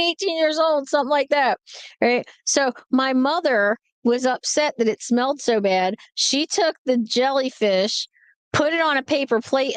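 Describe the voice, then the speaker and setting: A woman's voice: on the high side, no room sound. A tired woman truck driver on a casual livestream, telling stories and answering viewer comments. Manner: chatty storyteller, reads and answers viewer comments. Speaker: truck driver streaming live.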